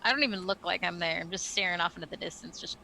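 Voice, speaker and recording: A woman's voice: fairly low pitch, very fast, vocal fry, bright, forceful tone, a little hiss or hum, low-quality recording. A woman playing a tabletop role-playing game, chatting casually and describing her character's actions in first person. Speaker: player.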